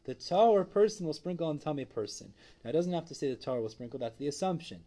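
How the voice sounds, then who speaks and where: A man's voice: fairly high pitch, expressive, fast talker, mellow. A man teaching a Talmud lesson, explaining step by step and mixing Hebrew and Aramaic phrases into his English.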